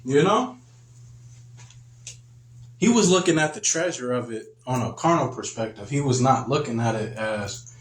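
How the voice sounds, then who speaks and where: A man talks through a scripture lesson in a loose, conversational way, now and then jumping into a higher voice to act out what people said. His pitch sits in the middle range. The room around him is roomy and echoey. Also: lively intonation, moderate pace, pauses often. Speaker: preacher. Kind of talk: casual spoken teaching.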